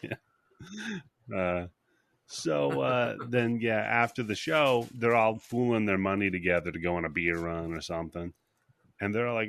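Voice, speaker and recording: Low-voiced man recapping a film, dry. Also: expressive, a little slow, vocal fry, a bit bright, no echo. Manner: laughs often, acts out scenes in put-on voices. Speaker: podcast host. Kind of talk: casual chat, recapping a film.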